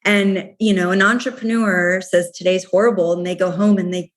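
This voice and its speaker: Candid, animated woman founder. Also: mid-range voice, normal speed. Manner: candid, animated, laughs often. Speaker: guest, company founder. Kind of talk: casual interview chat.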